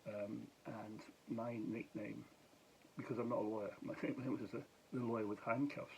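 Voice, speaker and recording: A man's voice: mid-range voice, steady tone, moderate pace, vocal fry, darkish tone, slight background noise, poor audio. A tired middle-aged Scottish man, a former police officer, telling a meandering story late at night with many restarts, asides and chuckles.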